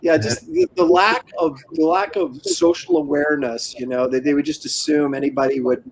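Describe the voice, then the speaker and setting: A man's voice: fairly high pitch, animated, moderate pace, gravelly, a little hiss or hum. A man, a comic artist, telling wry, incredulous stories in casual chat on a group video call.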